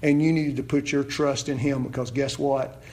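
A man preaching a sermon, building to near-shouts and then dropping low and quiet. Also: little pitch movement, moderate pace. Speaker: pastor.

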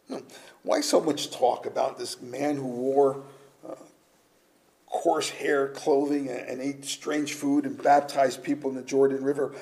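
A man preaching a sermon, emphatic, shifting between loud declarations and hushed, almost whispered lines. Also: mid-range voice, creaky. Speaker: pastor.

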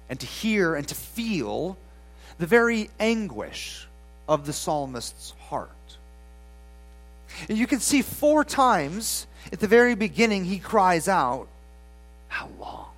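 A pastor preaching a sermon to the congregation with dramatic swings from loud to hushed, putting rhetorical questions to the listeners. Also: medium pitch.

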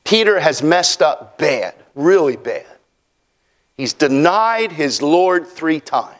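A man's voice: on the high side, very animated, slow. A man preaching a sermon in a folksy way, acting out quotes from his text. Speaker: pastor.

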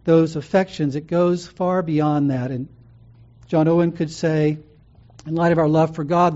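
Man preaching a sermon, mellow, slightly muffled. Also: a little high, fairly even intonation, a little slow. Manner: conversational teaching with frequent ums and restarts. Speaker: pastor. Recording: muffled lo-fi sound.

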